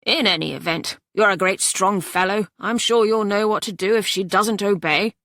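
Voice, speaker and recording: A pompous wealthy father, mercenary and self-satisfied, who talks like he is closing a deal, played by a woman reading a romance novel. His tone is blustering and confidential. The voice has a gravelly edge and sits close to a dry mic. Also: medium pitch, normal speed, a bit bright, no room sound, close to an everyday voice.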